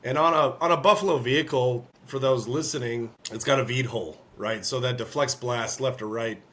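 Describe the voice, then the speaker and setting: A man, an army veteran, telling a war story in an interview, earnest and halting, often clearing his throat. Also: medium pitch, fairly bright tone.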